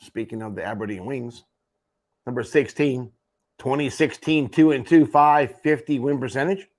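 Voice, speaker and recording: With a mid-range voice and a moderate pace, a man hosts a morning sports show, reading through the junior hockey standings and adding wry throwaway comments in typical sports radio rundown style.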